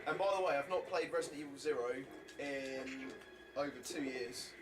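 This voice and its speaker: A man's voice: mid-range voice, normal speed, low-quality recording. A man casually commentating on his own gameplay, swearing now and then at setbacks. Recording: game music under the voice.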